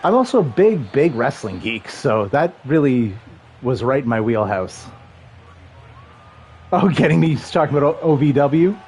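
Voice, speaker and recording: Excitable man calling a football video game. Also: medium pitch, normal speed, a little hiss or hum. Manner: chatty, excitable, rambling asides. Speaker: livestream gamer and commentator. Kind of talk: casual play-by-play chat with chat.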